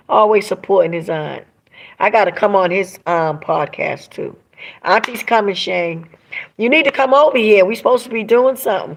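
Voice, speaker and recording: A woman hosts a casual live stream from home, reading viewer comments aloud as she goes. She speaks in an emphatic, animated way, leaning hard into her points. Her voice sits at a middle pitch. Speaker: author hosting a live stream.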